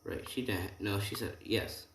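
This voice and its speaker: A man's voice: on the low side, measured pace, fairly bright tone, echoey room. A young man casually making up and retelling a fan story, rambling with many restarts and asides. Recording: faint background noise.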